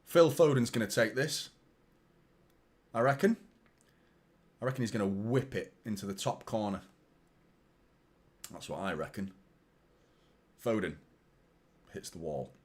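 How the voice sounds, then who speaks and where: Sweary football fan commentating a live match. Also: male voice, fairly low pitch, a little slow, long pauses, breathy edge. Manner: swearing, exasperated, animated fan chatter. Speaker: fan watchalong host.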